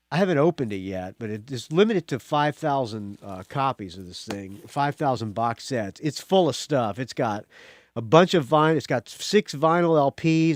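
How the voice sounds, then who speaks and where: A man hosting a rock podcast, talking in a rambling, excitable way with a slight country accent and swearing freely. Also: a little high, no echo, clean studio sound. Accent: slight American country accent. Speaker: podcast host. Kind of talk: casual solo intro.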